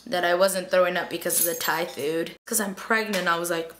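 A woman's voice: fairly low pitch, steady tone, fairly quick, fairly bright tone, a little hiss or hum. A young woman chatting through a TV episode recap late at night, gushing and tired, filling her talk with "like" and paraphrased quotes. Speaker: vlogger reviewing a TV episode.

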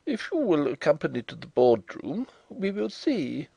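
A man's voice: sing-song, normal speed, vocal fry, warm tone, breathy edge, dry recording, exaggerated voice. A man reading the part of a fussy, anxious male bank manager who stammers when upset. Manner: agitated, stammering, high-strung.

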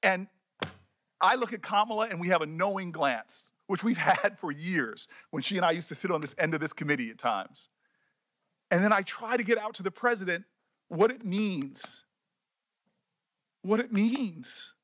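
A man with a fairly high voice speaks with deep feeling at a committee hearing. He is earnest and close to tears, often repeating words as he searches for them. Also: animated, bright, forceful tone. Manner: earnest, halting with repeated words, breaks into laughs. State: emotional, near tears. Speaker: senator at a hearing. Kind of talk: emotional speech at a hearing.

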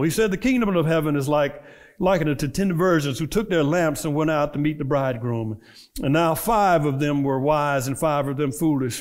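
A male minister with a fairly high voice, preaching at a church service. He tells stories in a loose, conversational way, keeps asking the congregation questions and waits for their answers, then rises into fervent preaching. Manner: quizzes the congregation with call-and-response questions; builds from relaxed storytelling to fervent preaching. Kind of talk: conversational sermon.

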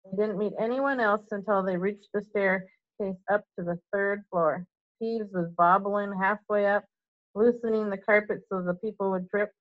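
Teacher reading a storybook aloud. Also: female voice, medium pitch, normal speed, no room sound. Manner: steady, expressive storytelling. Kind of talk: reading a novel aloud to children. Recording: dull lo-fi recording.

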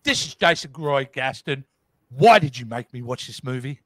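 A middle-aged Australian man co-hosting a casual film chat, playful and quick to laugh. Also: mid-range voice, lively intonation, a bit bright, no room sound. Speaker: co-host.

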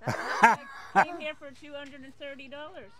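High-voiced woman from Ontario. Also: a little fast, a bit bright. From Ontario, Canada. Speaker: visitor. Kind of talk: casual chat. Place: outdoors at a beach.

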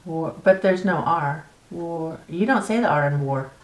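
A middle-aged American woman hosts a relaxed chat with a slightly low voice. She explains things patiently and easily. The sound bounces around an echoey room. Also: measured pace. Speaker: host. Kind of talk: casual chat.

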